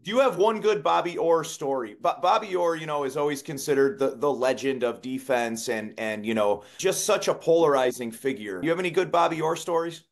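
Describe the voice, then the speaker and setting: A man's voice: on the high side, a little fast, hardly any pauses. A man hosting an interview, eager and encouraging as he asks questions. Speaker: interview host. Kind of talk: casual interview.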